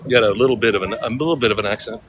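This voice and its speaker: A Californian man livestreams from city streets at night, talking into his phone in a chatty, laid-back, slangy way while out on the street and aboard a ferry. His voice is on the low side and very fast, with crowd noise around him.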